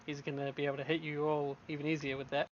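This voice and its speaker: A man running a tabletop game, calmly explaining rules to players. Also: fairly high pitch, fast, lo-fi sound. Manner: calm, matter-of-fact rulings. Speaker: game master. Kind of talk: casual tabletop game chat.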